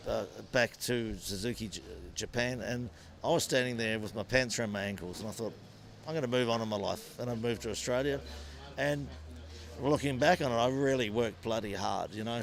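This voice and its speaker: Older Kiwi ex-racer telling stories. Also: male voice, mid-range voice. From New Zealand. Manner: animated anecdotes with frequent restarts. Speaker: former motorcycle racer and businessman. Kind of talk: interview, storytelling.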